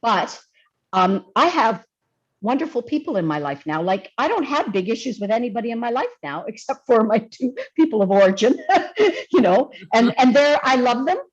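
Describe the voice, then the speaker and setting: A woman speaks as a guest over a video call, and her audio comes through dull and muffled. She talks in a chatty, expressive way, acting out the things she once said to herself. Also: on the high side, moderate pace, husky. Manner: chatty and expressive, acts out her own past remarks. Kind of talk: casual conversation.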